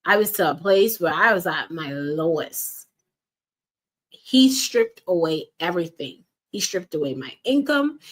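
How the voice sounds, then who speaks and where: Woman, lowish voice, faith coach, earnest direct monologue, repeats for emphasis. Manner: earnest, repeats key phrases, addresses listeners directly. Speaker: faith-based life and wellness coach. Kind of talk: faith-based motivational monologue.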